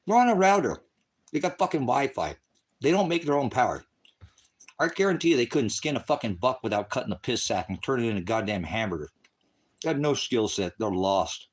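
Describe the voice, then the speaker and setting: A man with a fairly low voice rants at his livestream chat, cursing and taunting viewers in a combative tone. He talks into a phone camera, partly outdoors on his rural farm. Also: lively intonation, fairly quick, husky. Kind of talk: angry livestream rant at chat.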